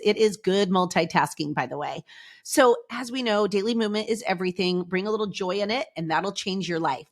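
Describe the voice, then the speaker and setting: Bubbly middle-aged woman podcast host. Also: mid-range voice. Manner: bubbly, animated, chatty with fillers like "like" and "y'all". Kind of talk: upbeat motivational podcast talk.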